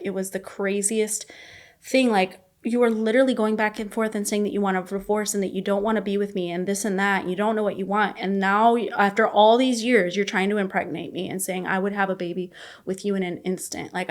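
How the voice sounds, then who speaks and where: Young woman guest, candid confessional storytelling, loose with fillers. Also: mid-range voice. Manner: rapid, emotional retelling with many fillers and quoted dialogue. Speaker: podcast guest.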